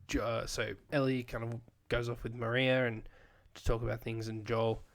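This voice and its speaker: A man's voice: medium pitch, little pitch movement, normal speed. A man co-hosting a podcast, recapping a story in a rambling, casual way full of fillers and questions to his co-host. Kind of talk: casual chat.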